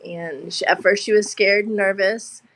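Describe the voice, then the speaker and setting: A woman talks over a video call, her voice bright and forward. She rambles in a heartfelt way, circling back and restarting her sentences as she goes. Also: medium pitch, steady tone, normal speed, rough recording. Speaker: guest. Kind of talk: emotional casual chat.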